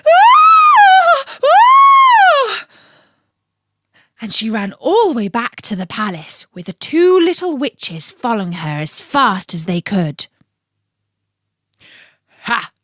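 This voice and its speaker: A woman narrating a children's story in a playful, expressive way. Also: mid-range voice, normal speed, hardly any pauses, no echo, clean studio sound. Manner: warm, playful, expressive reading.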